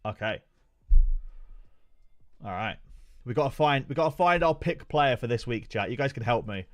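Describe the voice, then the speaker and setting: Man, young adult, livestream chat, profane, jokey banter, mid pitch. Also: expressive, normal speed. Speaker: streamer.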